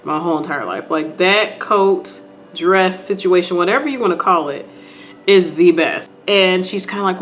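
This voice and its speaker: A woman vlogger chatting casually in a slangy, animated way as she recaps a show and talks straight to her viewers. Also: fairly low pitch, normal speed, soft background music.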